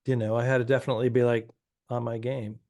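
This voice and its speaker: A man's voice: medium pitch, flat delivery, quick pace, darkish tone. A man, a comedian co-hosting a podcast, talking in an easygoing way and trailing off with fillers. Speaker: comedian and co-host. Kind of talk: casual podcast chat.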